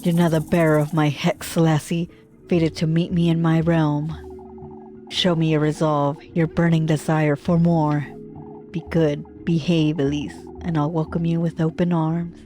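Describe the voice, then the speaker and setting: A woman voicing a sly, taunting serpent spirit in a horror game, reading its lines in a slow, mocking way. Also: low-pitched, little pitch movement, mellow, faint music behind. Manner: mocking, calls her lass.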